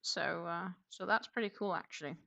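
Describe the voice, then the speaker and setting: Female crochet streamer, casual rambling chat with viewers, lowish gravelly voice with a bright edge. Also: moderate pace, lo-fi sound. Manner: chatty, rambling, reads viewer comments aloud. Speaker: crochet livestream host.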